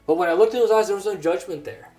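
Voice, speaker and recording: A grown man delivers a personal testimony sermon in an earnest, halting way, circling back and restarting his phrases. His voice sits a little higher than most men's. Soft music plays faintly underneath. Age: adult. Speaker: preacher.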